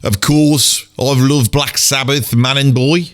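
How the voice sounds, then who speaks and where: A man's voice: mid-range voice, steady tone, slow pace, lightly acted. A man voicing a grumpy, swearing Birmingham pensioner in his seventies, grumbling through a comedic monologue with a Birmingham accent. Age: 70s. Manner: gruff, grumbling, swears constantly.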